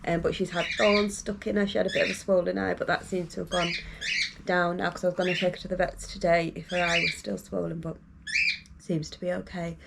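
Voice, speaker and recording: A woman's voice: lowish voice, flat delivery, a little fast, gravelly, heavy background noise. A young woman telling a long story to camera in a rambling, casual way, full of fillers. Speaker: vlogger.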